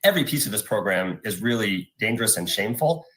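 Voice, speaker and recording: Measured man in a news interview clip. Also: on the low side, animated, a bit bright, rough recording. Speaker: interviewed legal advocate.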